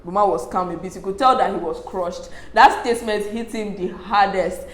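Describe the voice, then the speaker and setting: A woman's voice: mid-range voice, moderate pace. A young Nigerian woman chatting casually as she recaps reality show drama, acting out what people said and laughing often. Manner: animated, quotes people in lively asides, laughs often. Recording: echoey room.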